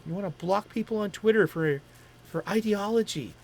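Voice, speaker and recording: He's a middle-aged comics streamer from around Boston, chatting loosely and excitedly while often correcting himself. The voice is high with vocal fry and a darkish tone, at a moderate pace over slight background noise.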